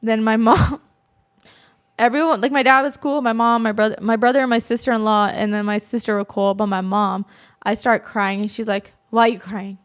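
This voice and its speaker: A young woman hosting a podcast, telling a personal story in casual chat and acting out family members' lines with lively exaggeration. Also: on the high side, brisk, clear, resonant tone. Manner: animated, quotes family members in exaggerated voices. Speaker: podcast host.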